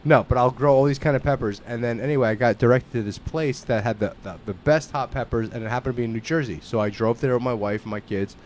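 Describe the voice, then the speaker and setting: A man telling a story in casual chat, swearing, restarting his sentences and getting louder as he goes. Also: medium pitch, fast talker, hardly any pauses, a little hiss or hum. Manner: loud, profane storytelling with frequent restarts.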